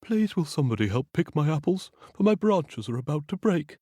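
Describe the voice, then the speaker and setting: A man's voice: fairly high pitch, sing-song, fairly quick, dark tone, slightly rough, dry recording, pitched above the performer's own voice. A man voicing a crying apple tree that pleads for help. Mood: pleading.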